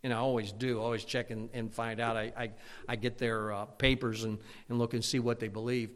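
A man preaching a fiery sermon as pastor, loud and emphatic, with stammered restarts. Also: medium pitch, little pitch movement, brisk, smooth. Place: church sanctuary. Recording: long church reverb.

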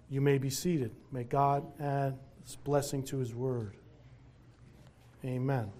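A man preaching a sermon, reading scripture and explaining it in an earnest, deliberate way, slowing down on key words. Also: mid-range voice, fairly even intonation, mellow.

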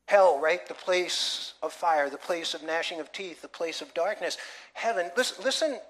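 A man preaches in a church with a bright, forceful voice pitched a little above the usual. He drives his points home with emphasis and keeps throwing rhetorical questions at the congregation. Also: moderate pace. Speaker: pastor. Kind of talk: sermon.

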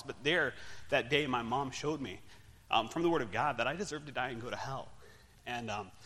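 A man's voice: medium pitch, bright, forceful tone. Man telling his testimony in a hall. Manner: candid, self-deprecating storytelling. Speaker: speaker giving his testimony. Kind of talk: personal testimony talk. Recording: long hall reverb.

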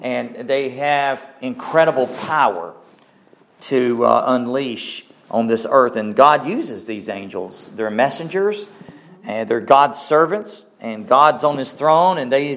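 A man's voice: medium pitch, fairly bright tone. A man preaching a sermon, emphatic and repetitive, his voice climbing on key phrases before dropping back. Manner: slow, emphatic preaching with rising outbursts and repeated phrases.

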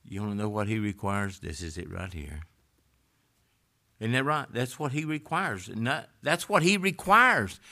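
Man preaching, low-pitched yet sharp and forceful, loud one moment and hushed the next. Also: big pitch swings, unhurried. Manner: swings from loud rising exhortation to hushed near-whisper. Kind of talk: sermon.

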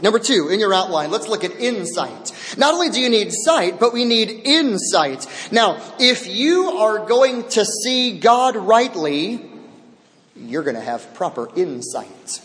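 A male pastor delivers a sermon at an unhurried, deliberate pace. His voice sits high and moves from ringing proclamation to hushed near-whisper. A long reverb from a large sanctuary trails every phrase. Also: sing-song. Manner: dramatic swings from loud proclamation to near-whisper. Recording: long echo of a large hall.

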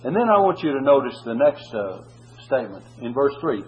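A man's voice: mid-range voice, sing-song, muffled recording. Earnest man preaching a sermon. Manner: earnest preaching, rises on scripture quotes, frequent "uh" pauses.

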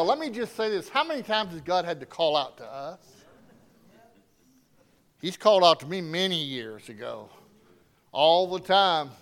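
A man preaching a sermon with strong emphasis, swinging between loud declarations and hushed asides. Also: high voice, animated, normal speed, long pauses.

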